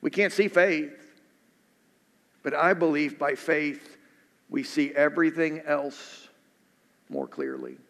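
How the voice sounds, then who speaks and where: A man's voice: a little high, animated, slow, pauses often, fairly bright tone. A male pastor preaching a sermon in an earnest way, repeating questions for emphasis. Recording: echoey hall.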